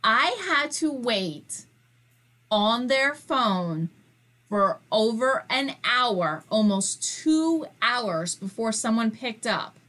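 Woman co-host: somewhat high, bright voice, casual and chatty, tells her own story with exasperation. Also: expressive, takes it slowly.

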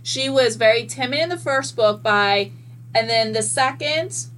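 Animated, cursing woman telling stories. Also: a little high, a little slow, poor audio. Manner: animated, profane storyteller. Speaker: guest. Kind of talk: casual podcast chat.

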